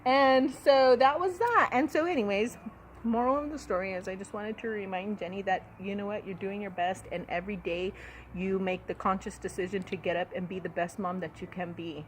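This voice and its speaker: A woman's voice: mid-range voice, a little fast, a little hiss or hum. A woman hosting a casual chat about parenting, telling stories bluntly, with frequent laughter and salty language. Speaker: host, mother.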